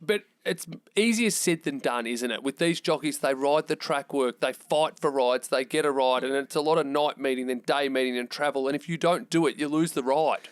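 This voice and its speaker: A man's voice: mid-range voice, moderate pace, few pauses, smooth, no echo. A man hosting a studio interview and asking long, winding questions. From Australia. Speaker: podcast host.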